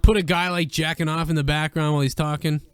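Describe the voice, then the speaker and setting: A young man co-hosting a crude, rambling chat, often breaking into loud put-on voices. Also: on the high side, flat delivery, fast talker. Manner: rambling, slips into shouted wrestler impressions. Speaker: podcast co-host.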